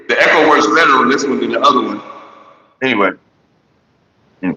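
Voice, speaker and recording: A man's voice: mid-range voice, brisk, bright, forceful tone, husky. A man hosting a casual livestream, telling loose stories and greeting viewers in the chat. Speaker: livestream host. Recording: dull lo-fi stream audio.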